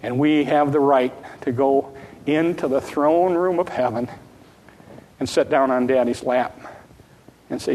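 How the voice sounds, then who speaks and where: A man with a slightly high, somewhat mellow voice preaches an earnest, repetitive sermon at an unhurried pace, at times acting out a child's pleading prayer. The long reverb of a large hall surrounds him, with slight background noise.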